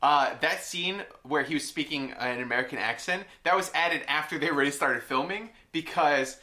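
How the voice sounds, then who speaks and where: Young male co-host, eager and laughing, bright voice, fairly high. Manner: eager, laughs often, quick agreeing interjections. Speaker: podcast co-host. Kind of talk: casual podcast chat.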